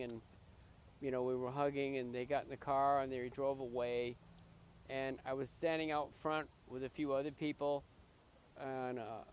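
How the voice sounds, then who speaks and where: An older man, a guest on a podcast, recounts his past with earnest feeling. His speech stops and restarts, doubling back on words as he searches for them. His voice sits at an ordinary pitch for a man, with a faint hiss of background noise. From Massachusetts. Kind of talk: personal life story in conversation.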